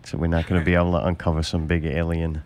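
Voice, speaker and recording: Low-voiced sarcastic man swearing freely. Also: flat delivery, fast, darkish tone. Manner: profane, sarcastic joking. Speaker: podcast co-host. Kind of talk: casual chat.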